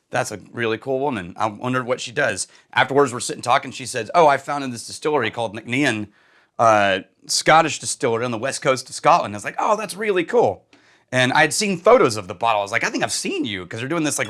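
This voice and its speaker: A middle-aged man hosting a casual whisky review, chatty and quick to laugh, with rambling asides. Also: medium pitch, fairly bright tone.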